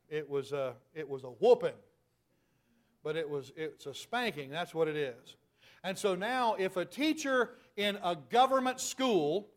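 Middle-aged male preacher, high-pitched, emphatic, pushes to loud peaks. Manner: emphatic, rhetorical questions, rising to loud peaks. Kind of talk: sermon.

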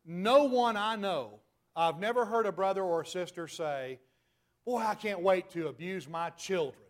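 Middle-aged male preacher, high-pitched, emphatic, pushes to loud peaks. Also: a little slow. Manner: emphatic, rhetorical questions, rising to loud peaks. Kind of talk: sermon.

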